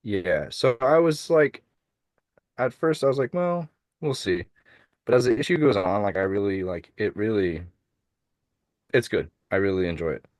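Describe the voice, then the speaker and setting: A man's voice: lowish voice, moderate pace, a little mellow, no room sound, studio quality. A man co-hosting a casual podcast, chatting about comics with lots of fillers and restarts over a remote call. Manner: rambling, many fillers and restarts. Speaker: podcast co-host. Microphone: remote call over shaky internet.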